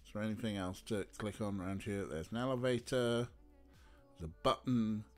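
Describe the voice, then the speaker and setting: A man's voice: on the low side, moderate pace, darkish tone, soft background music. A man giving casual, joking commentary while streaming an adventure game. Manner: joking, mock-posh asides. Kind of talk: casual let's-play commentary.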